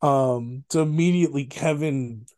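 A man's voice: medium pitch, unhurried, mellow, no room sound. A man co-hosting a podcast, casually and animatedly retelling a film's scenes, laughing and swearing now and then. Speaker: podcast co-host. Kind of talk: casual film review chat.

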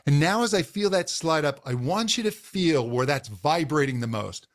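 Male voice coach guest, patient and explanatory, fairly high pitch. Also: animated, normal speed. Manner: patient, explanatory, demonstrates vocal exercises. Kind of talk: podcast interview, explaining and demonstrating.

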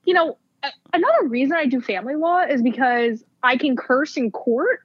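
A woman talks in a high voice, emphatic and enthusiastic as she chats as a guest. Her audio sounds dull and lo-fi, with a dry, close sound and no room echo. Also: lively intonation. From New Jersey. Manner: emphatic, enthusiastic, quick to swear by things. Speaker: guest, family lawyer. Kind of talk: casual chat.

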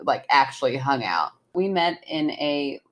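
A woman co-hosting a podcast, chatting casually and telling a listener's story with lively, laughing delivery. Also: unhurried. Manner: animated storytelling, laughs often, jumps high when acting out quotes. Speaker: podcast co-host.

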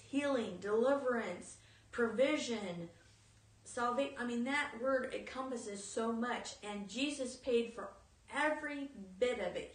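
A woman giving an informal sermon, earnest and storytelling. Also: on the high side. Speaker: speaker in a teaching talk. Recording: echoey room, mic at a distance.

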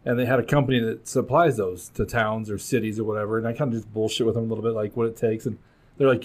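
A man's voice: fairly low pitch, steady tone, quick pace, a little mellow. A man hosting a podcast, chatting casually and laughing often. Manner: laughs often, frequent "right" backchannels. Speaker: podcast host. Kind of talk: casual chat.

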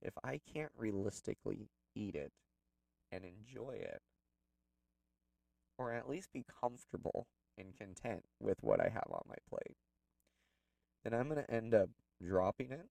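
A man's voice: lowish voice, animated, unhurried, creaky, pauses often, mellow, no room sound, far from the mic, rough recording. A man telling a personal story in a candid, rambling way, with plenty of fillers. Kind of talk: personal reflective monologue.

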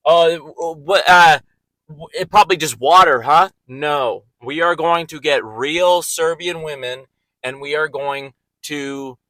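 A man delivering a comedic rant, rambling and excitable, with frequent restarts and filler words. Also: on the high side, dry recording, low-quality recording. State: out of breath.

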